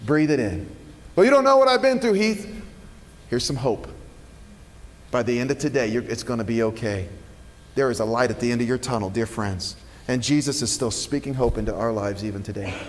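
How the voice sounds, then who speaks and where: A pastor preaching a sermon in a church, earnest and emphatic with dramatic pauses. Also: male voice, mid-range voice, in a large hall. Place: church sanctuary.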